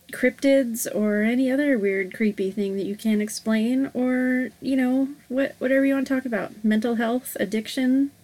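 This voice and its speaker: A woman's voice: fairly high pitch, a little mellow. Rambling woman podcast host. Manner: rambling, many hesitant fillers. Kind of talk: casual podcast chat.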